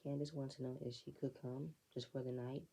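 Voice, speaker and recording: A woman's voice: a bass voice, little pitch movement, brisk, gravelly, mellow, rough recording. A woman giving a casual, blunt, opinionated recap of a reality show episode, with sassy asides. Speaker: reality TV reviewer.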